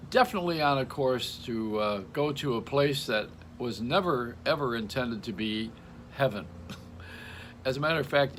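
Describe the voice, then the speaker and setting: An older man delivers a rambling comic monologue, hopping from topic to topic and chuckling at his own jokes. His voice sits at an ordinary middle pitch. A faint background hiss runs under the recording. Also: a bit bright. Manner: joking, stream-of-consciousness, frequent laughs. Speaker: radio host. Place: home in Florida.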